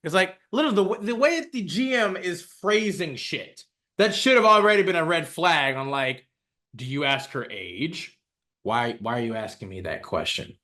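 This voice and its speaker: Animated, bright-voiced ranting man. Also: fairly high pitch, normal speed. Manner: animated, profane ranting with many restarts. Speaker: podcast co-host. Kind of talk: casual reaction commentary.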